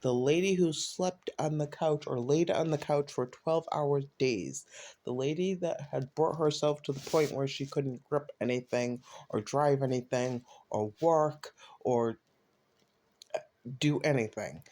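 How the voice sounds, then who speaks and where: A man casually telling a personal story, raising his voice when quoting others. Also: unhurried. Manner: animated retelling, voices quotes with rising pitch. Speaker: storyteller recounting a personal event.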